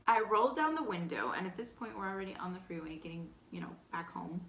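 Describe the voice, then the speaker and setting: A young woman with a light Texan accent casually telling a personal story between bites, animated and candid, full of "like". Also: lowish voice, quick pace, echoey room, a little hiss or hum. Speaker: vlogger. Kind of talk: storytime eating show chat.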